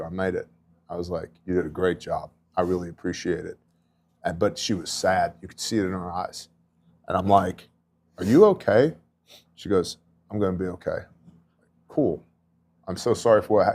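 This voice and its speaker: Earnest man, lowish voice, storytelling. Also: a little mellow. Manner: earnest, conversational, with many "you know" and "right" asides. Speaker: podcast host and disaster relief volunteer. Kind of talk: casual faith talk and storytelling.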